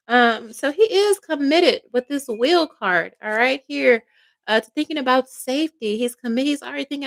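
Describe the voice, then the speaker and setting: A woman with a slightly high voice lays out a tarot reading with fervent emotion. She talks emphatically and keeps pausing to check in with "all right?" and "okay?". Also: animated, gravelly. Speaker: psychic tarot reader.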